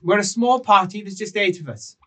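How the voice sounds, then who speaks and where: A man's voice: high voice, a little fast, a bit bright, husky, far from the mic, voice pushed up. A man voicing a composed woman who calls out politely for her group, a little off-mic.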